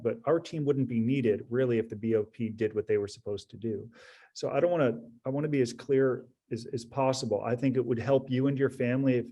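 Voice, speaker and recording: A man's voice: medium pitch, mellow. A man advising an audience in a webinar talk, direct and emphatic, often repeating his key phrases. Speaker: prison preparation advisor.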